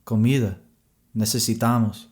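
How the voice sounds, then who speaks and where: A man voicing a weary, apologetic middle-aged junk man who speaks halting English with a Spanish accent. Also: on the low side, fairly even intonation, a little mellow, voice pushed up, lightly acted. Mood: pleading.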